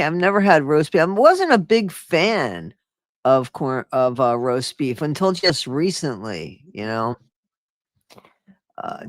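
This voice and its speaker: A woman hosting a live stream, chatting casually and excitably with her viewers. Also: very deep voice, no room sound, clean studio sound. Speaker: streamer host.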